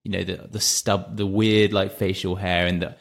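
A man's voice: low voice, little pitch movement, normal speed, gravelly. A young man co-hosting a podcast, chatting about films in a loose, rambling way full of "like" and "you know.". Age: young adult. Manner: chatty, many fillers and restarts. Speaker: podcast co-host. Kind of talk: casual film-ranking chat.

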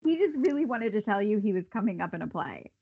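A woman's voice: mid-range voice, very animated, fast talker, vocal fry, breathy edge. A woman interviewing colleagues, encouraging them with short replies and asking follow-up questions. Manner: encouraging, responds with short backchannels. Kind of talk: interview hosting. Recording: muffled audio.

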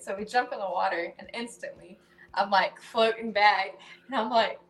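Telling animated stories as a co-host in a casual chat, this woman swears and laughs a lot. Her voice is medium-pitched and moves at a moderate pace.

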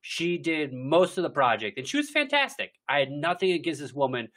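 A man, a filmmaker guest, chatting casually in an interview, telling animated stories and laughing often. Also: on the high side, fairly quick. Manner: animated storyteller, laughs often, acts out quotes.

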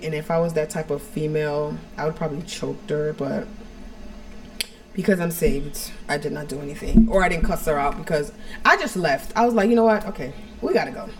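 A woman co-hosting a podcast from home, telling a personal story in a frank, rambling way full of "like" and "you know". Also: sits low. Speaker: podcast co-host.

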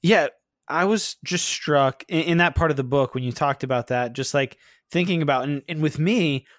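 A man's voice: fairly high pitch, moderate pace, a bit bright, no room sound, studio quality. A man hosting a casual interview, earnest and a little hesitant, who often restarts his sentences. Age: adult, father of sons. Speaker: podcast host.

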